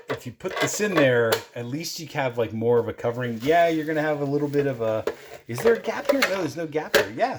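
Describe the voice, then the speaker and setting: An older man walks through a kitchen gadget in a casual review, his voice sitting at an ordinary middle pitch. He rambles and circles back, restarting phrases as he goes, with a chatty, offhand manner. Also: very noisy. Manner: rambling, chatty, self-correcting. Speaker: product review host.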